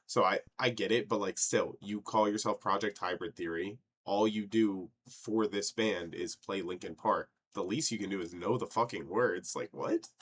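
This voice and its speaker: Young dude podcasting, lowish voice, loud mocking rants, swears a lot. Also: male voice, normal speed, few pauses, a little hiss or hum. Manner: animated storyteller, swears, mocks wrong lyrics with rising outbursts. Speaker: podcast co-host. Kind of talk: casual chat.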